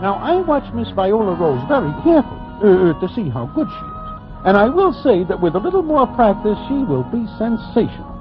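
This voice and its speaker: A man's voice: high-pitched, big pitch swings, fairly quick, loud music behind the voice. An actor playing a genial, wisecracking male Broadway narrator in a 1940s radio drama, telling the story in folksy present tense. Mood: narrating. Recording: dull old radio recording.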